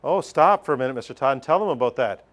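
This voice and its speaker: A man's voice: mid-range voice, expressive, fast talker. A middle-aged man teaching a math lesson over a screen recording, chatty, thinking aloud and putting questions to himself.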